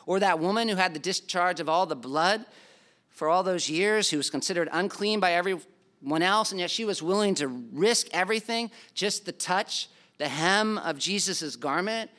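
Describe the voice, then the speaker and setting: A man's voice: sits high, moderate pace, pushed and bright. A man preaching a sermon as pastor, earnest and emphatic, acting out the people in the story.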